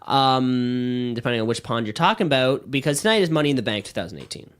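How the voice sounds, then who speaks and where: Excitable swearing man hosting a podcast. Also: medium pitch, quick pace, clean tone. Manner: excitable, profane, rambling with fillers. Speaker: podcast co-host. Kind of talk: casual podcast chat. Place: podcast studio.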